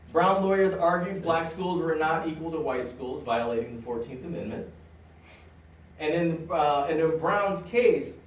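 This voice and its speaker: A man giving a public lecture at a library, animated and joking with the audience. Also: on the high side, slight background noise. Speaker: guest lecturer. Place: public library meeting room. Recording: echoey room, recorded from a distance.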